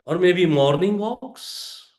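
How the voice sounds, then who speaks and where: A man giving a prepared storytelling speech to a club audience, with a deliberate delivery, pauses and emphatic rises. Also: sits high, expressive, darkish tone, roomy sound.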